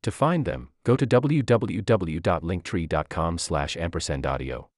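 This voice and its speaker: A very deep male voice reads the closing credits like an announcer, measured and formal. His pitch swings widely across phrases. The sound is close and dry, with no room around it. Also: lively intonation, no echo. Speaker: announcer reading the outro credits. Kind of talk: scripted credits read.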